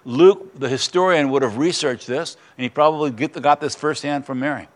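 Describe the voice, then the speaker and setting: A man's voice: on the high side, a little fast. A man preaching a sermon, reading scripture aloud and adding earnest, emphatic comments in a conversational way. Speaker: pastor.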